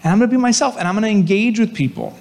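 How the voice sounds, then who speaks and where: A man's voice: high voice, expressive, racing, vocal fry, darkish tone. A man voicing an eager early evangelist who talks casually and earnestly, as if thinking aloud. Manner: casual, talking to himself.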